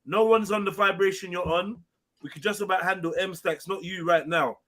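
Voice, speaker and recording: A man hosting a live online panel discussion, firm and quick to cut people off. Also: high voice, steady tone, fairly bright tone. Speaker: panel host.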